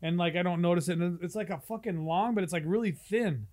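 A man's voice: high-pitched, fast talker, a little mellow. A man co-hosting a casual podcast, swearing freely and laughing often as he tells stories. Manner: laid-back, swears a lot, laughs often. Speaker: podcast co-host. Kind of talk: casual crude chat.

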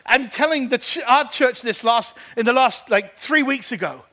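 A man preaching as pastor, telling a story and acting out the people in it, animated and lively. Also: extremely high pitch, normal speed. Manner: animated, acts out phone conversations. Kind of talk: sermon storytelling. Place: church.

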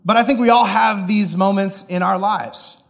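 A man preaching a sermon through an animated, self-deprecating personal story, acting out the people in it. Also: sits high, moderate pace, big-room sound.

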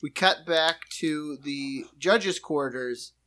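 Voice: mid-range voice, slow. A podcast co-host chatting casually, retelling a sitcom scene with mimicked voices. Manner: lively retelling with mimicked accents and quotes. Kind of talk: casual chat recapping a sitcom episode.

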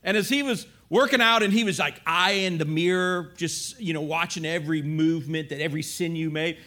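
A man preaching in an animated, confessional storytelling way, often checking in with his listeners. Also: fairly high pitch, brisk. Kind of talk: storytelling sermon.

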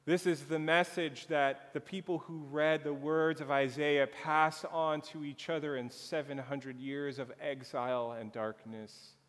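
Man, pastor, unhurried earnest sermon, mid-pitched voice, long church reverb. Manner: slow, earnest preaching with drawn-out phrases. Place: church sanctuary.

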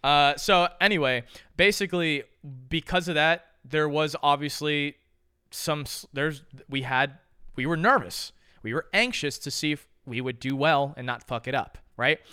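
A young man co-hosts a casual podcast, riffing through stories with animated, profane humor. His voice is bright and crisp, a bit higher than most men's, and the dry close mic keeps every word up front. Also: no room sound. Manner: animated, profane, jokey storytelling. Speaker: podcast co-host. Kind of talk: casual chat.

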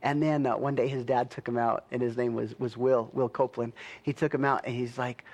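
A man's voice: mid-range voice, steady tone, quick pace, vocal fry, few pauses, darkish tone. A young adult man preaching a sermon in a chatty, easygoing way, laughing often and checking in with "right?".

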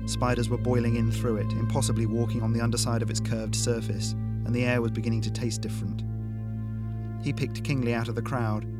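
A man reading an action science fiction audiobook in a steady, dramatic narration style. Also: mid-range voice. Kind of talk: scripted narration. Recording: music bed under narration.

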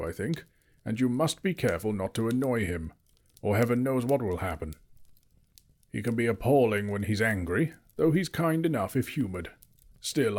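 A man voices Gandalf, a stern old wizard who is easily cross, lecturing emphatically. His voice is medium in pitch with a darkish tone.

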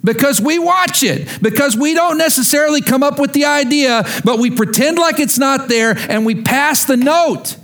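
A man with a high, light voice preaching a sermon. He talks in a chatty way and asks his listeners questions. He builds up to strong, emphatic calls. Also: normal speed, hardly any pauses, a bit bright. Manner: conversational, asks the congregation questions, grows emphatic. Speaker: pastor. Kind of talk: sermon with storytelling.

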